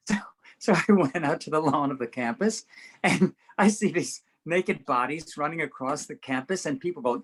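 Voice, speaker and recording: An older man, appearing as an interview guest, tells show business stories, laughing often and acting out voices. His voice is on the high side with a breathy edge and a moderate pace, and the audio quality is poor.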